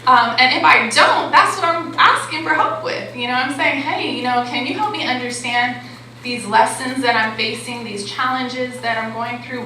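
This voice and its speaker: Woman, life coach, motivational talk, forceful bright tone, conversational, very echoey hall. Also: fairly high pitch. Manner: conversational, keeps checking in with the crowd. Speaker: life coach and conference speaker. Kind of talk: motivational talk to a live audience. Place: conference hall. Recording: very echoey hall with faint background noise.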